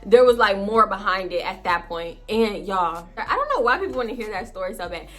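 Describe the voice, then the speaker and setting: A woman's voice: mid-range voice, a little fast, soft background music. Young woman vlogger, loose and profane, shot on a phone at home. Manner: profane, chatty, animated storytelling to viewers. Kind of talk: casual storytime chat. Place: home, indoors. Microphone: phone camera.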